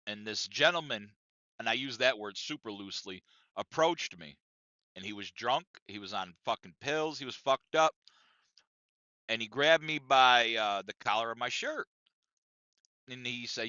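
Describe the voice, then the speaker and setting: Male podcast co-host, emphatic and profane storyteller, forceful tone, dry close mic, a bit lo-fi. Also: medium pitch, moderate pace, dry recording. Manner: profane, emphatic, repeats himself. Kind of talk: casual storytelling rant.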